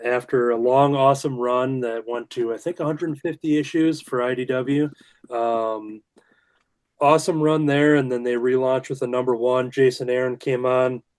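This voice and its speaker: A man's voice: medium pitch, a little mellow. A man hosting a casual chat show about comics, talking in a loose, rambling way full of fillers and restarts. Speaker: podcast host.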